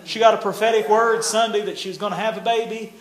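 Speaking fast in a high-pitched, steady tone, an older male preacher relates a folksy testimony in his sermon. Laughs and nonstandard grammar mark his storytelling, and the recording is echoey.

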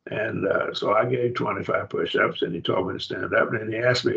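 An older man teaching a Bible class in a folksy, unhurried way, with frequent fillers and restarts. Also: on the low side, fairly even intonation, vocal fry, a bit bright. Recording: dull lo-fi recording.

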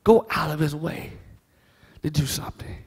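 A man pastor preaching a sermon, folksy and joking, moving from quiet words to shouting. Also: fairly high pitch, normal speed, husky, in a large hall. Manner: animated preaching, swings from hushed to shouting.

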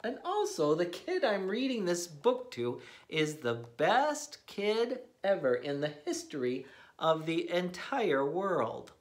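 A man's voice: sits high, very animated, slow. A man hosting a read-aloud of a children's book, playful and mock-exasperated at the silly words. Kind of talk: animated read-aloud for kids.

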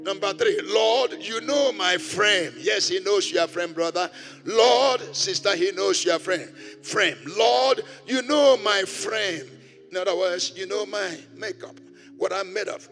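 A male pastor leading a congregation in prayer with a fervent sermon, swinging from loud pleading to hushed murmurs. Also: sits high, measured pace, faint music behind.

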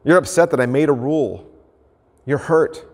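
Man preaching with a slightly high voice. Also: normal speed, in a large hall. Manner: conversational, illustrates points with everyday stories and role-play. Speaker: pastor. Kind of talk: sermon.

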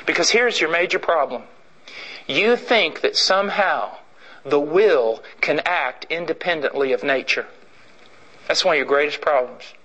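Emphatic, bright-voiced male preacher. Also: on the high side, animated, measured pace, lo-fi sound. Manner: emphatic and repetitive, acting out stories. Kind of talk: sermon.

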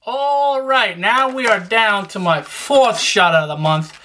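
Hyped, bright-voiced man giving shout-outs. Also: sits high, a little slow, a little hiss or hum. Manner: hyped, joking, streetwise patter; repeats "you know what I'm saying". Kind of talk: casual vlog shout-outs.

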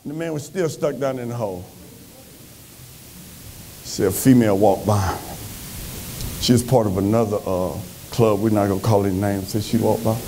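A man giving an energetic motivational speech on a conference stage, telling stories with animated delivery. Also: fairly low pitch, normal speed, pauses often, slight background noise. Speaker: motivational speaker.

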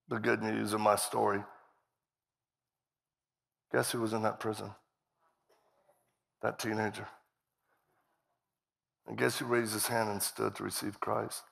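Man, middle-aged, guest preacher, lively storyteller, bright voice, long hall reverb. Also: lowish voice, gravelly. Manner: animated storyteller acting out dialogue, laughing often. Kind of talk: storytelling sermon.

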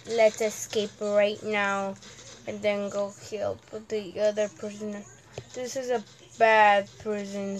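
A woman giving casual gameplay commentary, excitable, humming suspense sounds and talking to the characters on screen. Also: mid-range voice. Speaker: gamer host.

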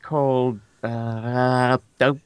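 A man's voice: medium pitch, level tone, drawn-out words, clean tone, dry recording. Easygoing British man on a podcast. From United Kingdom. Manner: easygoing, searches aloud for names. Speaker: podcast co-host. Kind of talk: casual chat.

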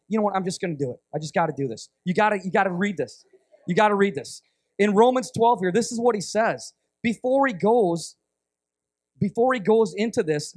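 A man preaching a sermon, telling stories in an animated, conversational way. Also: high voice, no room sound, studio quality.

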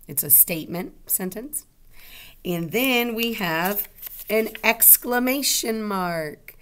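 A woman's voice: medium pitch, expressive, slow pace, fairly bright tone. A woman teaching kindergarten, speaking patiently and stretching out example sentences word by word for the children to copy. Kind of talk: slow children's lesson.

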